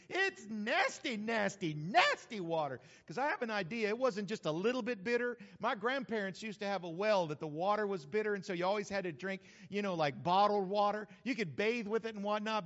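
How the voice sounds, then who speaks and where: A man from New Mexico, a pastor preaching a sermon in a folksy, humorous, animated storytelling manner. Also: high voice. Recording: reverberant hall, slightly dull sound.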